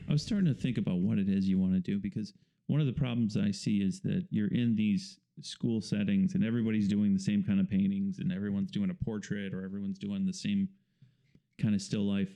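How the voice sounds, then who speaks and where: A man who paints is the guest in this casual interview, explaining things loosely and rambling with fillers. He talks a little fast, in a fairly low voice touched with vocal fry.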